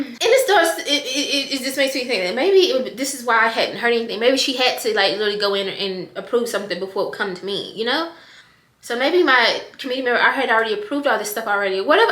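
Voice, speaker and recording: Woman, middle-aged, casual vlog, excited and emotional, bright voice, echoey room. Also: fairly high pitch, fast talker. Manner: excited, emotional, addresses viewers as y'all. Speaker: vlogger. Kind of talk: casual vlog talk to camera. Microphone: camera on desk.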